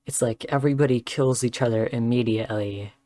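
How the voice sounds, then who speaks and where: A man with a hoarse, worn-down voice gives rambling, excitable live commentary while streaming a game from his room. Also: mid-range voice, a little fast, slight background noise. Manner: rambling and excitable, joking and laughing. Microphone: desk microphone.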